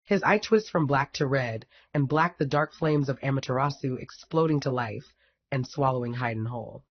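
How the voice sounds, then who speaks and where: A man's voice: mid-range voice, moderate pace. A man reading a fan fiction story aloud in a wry, casual storytelling manner. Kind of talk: audiobook narration. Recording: dull lo-fi recording.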